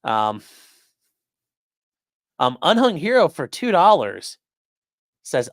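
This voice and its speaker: A man's voice: fairly high pitch, very animated, slow pace, long pauses, dry recording, studio quality. A man hosting a livestream, chatting casually and reading out viewer comments with loose, repetitive phrasing. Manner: loose and conversational, many fillers, repeats phrases. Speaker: host of a legal commentary livestream.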